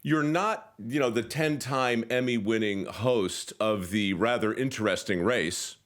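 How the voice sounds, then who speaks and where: A man's voice: on the low side, unhurried, a bit bright. A man hosting an interview podcast, talking in a wry, joking way with playful emphasis. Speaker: podcast host. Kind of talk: interview conversation.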